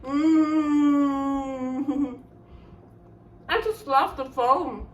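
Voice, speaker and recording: Unhurried, chatty woman. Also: high voice. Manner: chatty and enthusiastic, thinking aloud. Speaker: cooking channel host. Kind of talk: casual cooking vlog.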